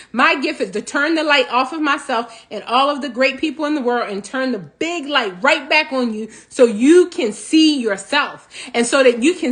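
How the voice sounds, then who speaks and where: High-voiced, animated motivational woman. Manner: animated, preachy, laughs between points. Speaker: host of a healing talk show. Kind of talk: motivational talk.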